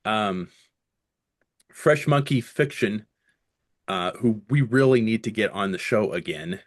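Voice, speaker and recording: A man's voice: lowish voice, lively intonation, slow. A middle-aged man chatting loosely as a podcast co-host. He rambles through his points, trails off mid-sentence, and drops a casual swear now and then. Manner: rambling, swears casually, jokes with put-on voices. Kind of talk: casual chat.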